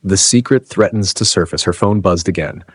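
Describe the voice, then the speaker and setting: A man narrates a dramatic story with slow, suspenseful delivery. His voice is very deep and husky, and the recording is dry and close. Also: dry recording.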